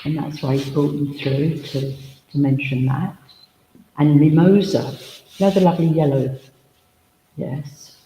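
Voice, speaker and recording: A man leads a mediumship demonstration at a service, rambling and joking between messages. His voice is a little high with a gravelly edge. It rings around a reverberant village hall, with a faint background hiss. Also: fairly even intonation, unhurried, long pauses, dark tone. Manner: chatty and humorous, full of asides and anecdotes. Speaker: spiritualist medium and minister.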